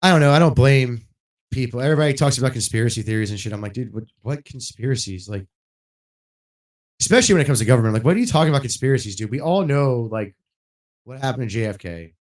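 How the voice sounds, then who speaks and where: A man ranting casually and bluntly while streaming a game, swearing often and getting louder when worked up. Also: medium pitch, animated, quick pace. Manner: blunt and profane, rising loud when worked up. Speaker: gaming livestreamer.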